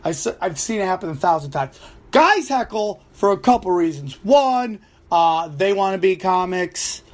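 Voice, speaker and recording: A man who does stand-up tells a story about his gig in a loose, profane podcast rant. His voice sits high for a man, and he keeps it animated and swearing, full of "like" and restarts. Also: normal speed. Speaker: stand-up comedian and podcast host. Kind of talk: ranting podcast monologue.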